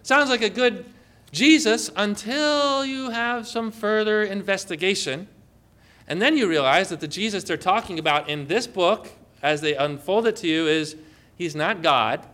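A man's voice: high-pitched, measured pace, sharp tone. A man preaching a sermon to a congregation, emphatic and asking them questions. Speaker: pastor.

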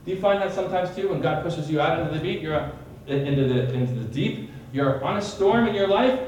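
A man's voice: on the high side, lively intonation, a little fast, a little mellow, a little hiss or hum. A man leading a Bible study, teaching in a sermon style, retelling vividly and quizzing his listeners by name. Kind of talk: teaching sermon with questions to a group. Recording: echoey room from far off.

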